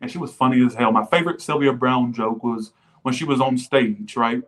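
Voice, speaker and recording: A man talks through a tarot reading on a casual livestream, his voice sitting at an ordinary middle pitch. He rambles and swears freely, slipping into tangents. Now and then he pauses to thank viewers for their donations. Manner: rambling, profane, goes off on tangents. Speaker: tarot reader.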